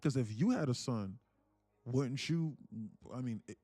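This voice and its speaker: A man's voice: medium pitch, animated, measured pace, warm tone, dry recording, soft background music. A young man hosting a live trading stream, talking earnestly and repetitively, calling listeners "man" and "bro" and reading chat messages aloud. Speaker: livestream trading host. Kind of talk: casual motivational livestream talk.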